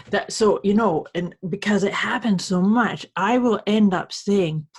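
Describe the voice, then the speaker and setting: A woman's voice: medium pitch, unhurried, hardly any pauses, husky. A woman co-hosting a podcast, chatting casually as a therapist and affirming her co-host. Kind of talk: casual chat.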